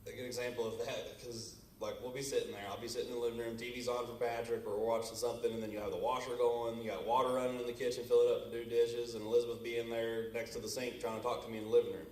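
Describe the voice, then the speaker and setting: A man's voice: mid-range voice, flat delivery, very fast, few pauses, darkish tone, far from the mic, a little hiss or hum. Man, anecdotal storyteller, church class, echoey room, off-mic. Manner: storytelling, acts out quoted exchanges. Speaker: class member, works at a bank office. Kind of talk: casual group discussion.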